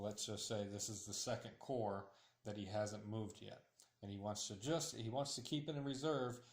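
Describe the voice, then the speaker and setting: A man's voice: fairly low pitch, darkish tone. A man patiently explaining a tabletop wargame's rules step by step, with frequent fillers. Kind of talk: tabletop game tutorial. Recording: roomy echo.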